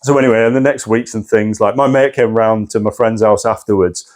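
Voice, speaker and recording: Man, lowish voice, candid podcast guest, intense, swears a lot. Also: steady tone, brisk, a little mellow. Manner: intense, swears often, acts out his own past cries. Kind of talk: candid personal story.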